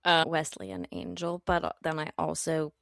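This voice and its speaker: A woman's voice: low-pitched, flat delivery, moderate pace, creaky, a bit bright, no room sound. A woman co-hosting a casual podcast recap, giggling and making dry jokes. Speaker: podcast co-host.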